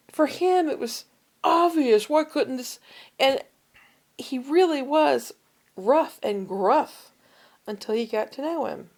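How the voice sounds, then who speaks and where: A woman's voice: high-pitched, takes it slowly. A woman in casual conversation, telling a personal story and acting out the people she quotes. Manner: storytelling, animated when quoting others. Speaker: podcast co-host. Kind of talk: casual chat.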